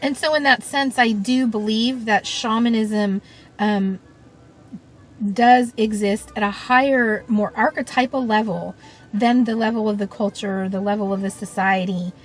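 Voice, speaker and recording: A woman's voice: medium pitch, steady tone, measured pace, soft background music, rough recording. A woman with an earnest, thoughtful manner, speaking in a reflective monologue and often leaning on "you know" and "um". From United States. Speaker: shamanic practitioner and teacher.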